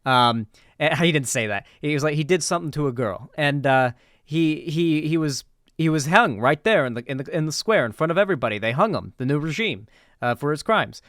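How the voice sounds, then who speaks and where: A man telling a casual, rambling story in commentary style, animated and swearing now and then. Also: a little high, a little fast, no echo, clean studio sound.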